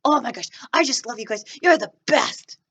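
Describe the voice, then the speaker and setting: A woman's voice: animated, normal speed, a bit bright, breathy edge, exaggerated voice. A woman voicing a shy, nervous young boy who stammers and gushes, on a children's storytime show. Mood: excited. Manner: stammering, gushing, wide pitch swings.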